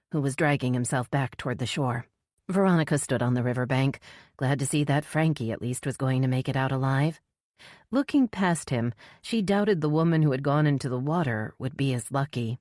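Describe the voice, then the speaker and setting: A woman narrates a thriller audiobook in a low, grounded voice, recorded dry and close with no room sound. She lifts her pitch to voice the other characters. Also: darkish tone, no room sound.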